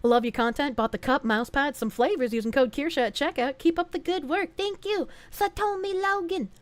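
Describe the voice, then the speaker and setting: A woman's voice: high voice, fairly quick, no room sound. A woman VTuber streamer chatting casually on a live stream and thanking donors, playful and bubbly with cutesy baby talk and sarcastic asides.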